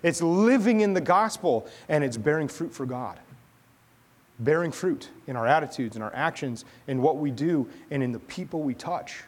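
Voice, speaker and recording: A man's voice: medium pitch, normal speed, slightly rough. A man in his thirties, a pastor, preaching a sermon in a conversational storytelling way with chatty asides.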